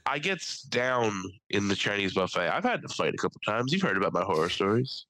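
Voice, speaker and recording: A young man from Philadelphia with a Philly accent, telling crude, animated stories as a podcast co-host. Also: on the low side, brisk, low-quality recording. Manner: crude, animated storytelling with put-on quoted voices. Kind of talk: casual chat.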